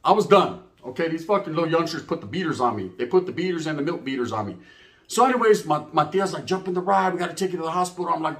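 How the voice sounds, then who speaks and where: Speaking fast in a higher register, this man from California is out of breath as he performs a comic street tale. He voices each character himself and leans hard on Chicano slang, all with lively energy.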